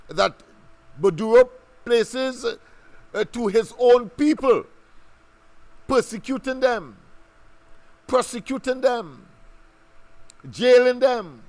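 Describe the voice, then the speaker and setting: A man hosting a talk radio show, giving measured, professorial political commentary. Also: very high voice.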